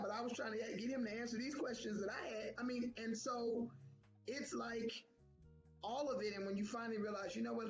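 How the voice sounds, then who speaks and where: Animated woman cohost, acts out quotes, echoey room, muffled audio. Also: a little high. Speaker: co-host. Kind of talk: casual talk on grief. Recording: echoey room, dull sound, faint music.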